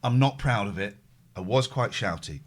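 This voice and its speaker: A middle-aged man hosts a live stream, telling a story in casual chat with a fairly low voice at normal speed. He's an animated storyteller who acts out the phone calls and thanks his subscribers.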